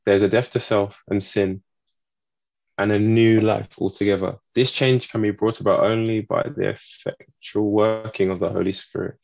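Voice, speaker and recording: A man serving as a church elder, reading a passage aloud in a measured, solemn way. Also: fairly low pitch, flat delivery, creaky, darkish tone, dry recording. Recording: dull, dry lo-fi audio.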